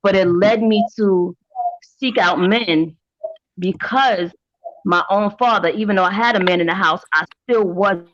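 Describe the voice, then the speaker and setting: A woman's voice: medium pitch, measured pace, no echo, muffled recording. A woman speaking frankly and with emphasis on a panel, in candid casual chat with some profanity.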